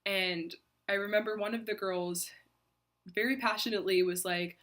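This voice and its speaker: Young woman telling a story on her vlog, earnest and reflective, lots of ums and pauses. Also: mid-range voice, fairly even intonation, a bit bright. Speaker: faith vlogger. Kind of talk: personal storytelling.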